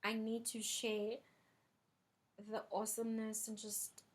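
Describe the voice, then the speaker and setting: A woman's voice: a little high, monotone, measured pace. A young woman talking casually in a music review vlog, chatty and full of filler ums, recorded in her bedroom. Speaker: vlogger. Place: bedroom at home.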